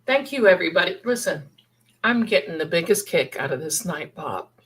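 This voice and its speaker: A woman's voice: on the low side, very animated, normal speed, a bit bright, slightly rough, poor audio. A middle-aged woman hosting a livestream, chatting in a rambling, casual way and thinking aloud. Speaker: livestream host.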